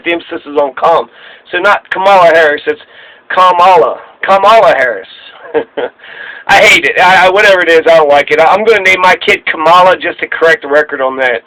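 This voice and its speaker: A man's voice: fairly high pitch, bright, forceful tone, rough recording. A man giving a sarcastic, rambling political monologue, running down lists of complaints in a casual spoken style. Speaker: political commentator.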